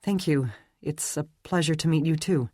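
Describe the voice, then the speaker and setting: A man's voice: on the high side, normal speed, dark tone, no room sound, studio quality, natural voice. A male audiobook narrator voicing a shy but bold young woman who teases and scolds. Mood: exasperated, teasing. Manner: teasing, exasperated.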